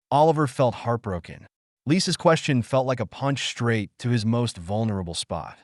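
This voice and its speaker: A man's voice: mid-range voice, moderate pace, no echo, studio quality. A man narrating a dramatic audio story in a melodramatic, scripted manner.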